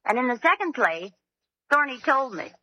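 An actress playing a playful, teasing young housewife in a 1940s radio sitcom. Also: female voice, sits high, very animated, moderate pace, sharp tone, heavily acted. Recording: hissy lo-fi old radio recording.

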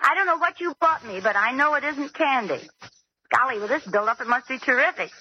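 An actress playing a playful, teasing young housewife in a 1940s radio sitcom. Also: female voice, high-pitched, animated, brisk. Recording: hissy lo-fi old radio recording.

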